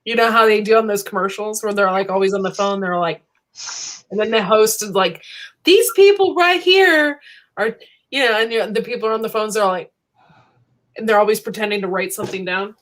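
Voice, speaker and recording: A woman's voice: mid-range voice, steady tone, quick pace, fairly bright tone. A woman co-hosting a livestream in casual chat, bubbly and giggly, teasing her guests over a video call. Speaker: livestream co-host.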